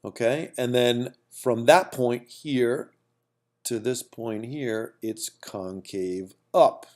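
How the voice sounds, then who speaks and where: A man's voice: mid-range voice, slow, a little mellow. A man teaching a calculus lesson at a whiteboard in a casual way, repeating phrases and checking in with "okay?" and "right?". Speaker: math teacher.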